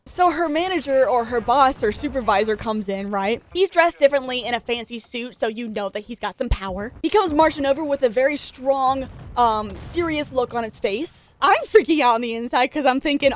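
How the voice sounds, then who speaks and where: A woman gaming creator telling a story in casual chat while she plays, animated and excitable, with chatty asides and frequent laughs. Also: sits high, fairly quick, few pauses. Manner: chatty, self-interrupting asides.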